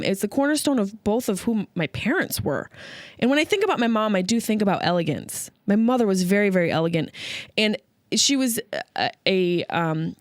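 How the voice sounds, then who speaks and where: A woman from Upstate New York hosting a solo comedy podcast, riffing with sarcastic, animated asides. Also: lowish voice, no room sound, studio quality. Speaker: podcast host.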